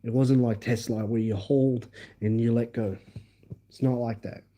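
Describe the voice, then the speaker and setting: An Australian man livestreaming a rambling personal story to his viewers. His voice is very dark and mellow at a middling pitch, and he keeps circling back with repeated phrases and fillers. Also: fairly even intonation, unhurried.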